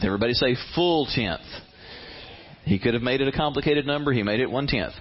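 A man preaching a sermon on giving, animated and punchy, with sudden loud rises in his voice. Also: fairly high pitch, brisk, muffled recording. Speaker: pastor.

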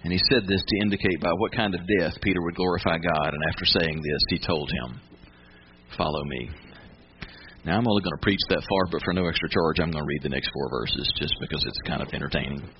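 Heard over a muffled, dull radio broadcast with steady hiss, a pastor with a bass voice preaches a bit quickly. His sermon is easygoing and conversational, and he keeps posing questions to the audience.

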